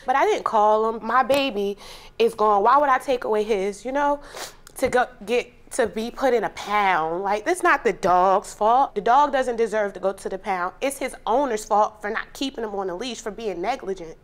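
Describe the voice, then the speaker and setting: A woman's voice: mid-range voice, moderate pace. A woman, a plaintiff on a TV court show, telling her story in emotional detail. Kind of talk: testimony in a TV courtroom.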